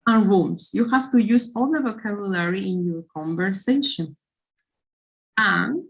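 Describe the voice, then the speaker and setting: A woman's voice: fairly low pitch, poor audio. A woman whose first language is Spanish, teaching an English class and giving instructions, repeating herself and checking in with "okay". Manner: slow, repetitive explaining with frequent "okay".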